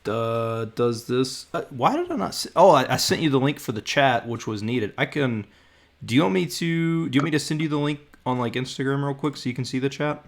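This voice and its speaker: A man's voice: mid-range voice, lively intonation, brisk. A man hosting a live podcast over a video call, chatting casually and reading out viewer comments. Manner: conversational, reads out viewer comments. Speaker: podcast host.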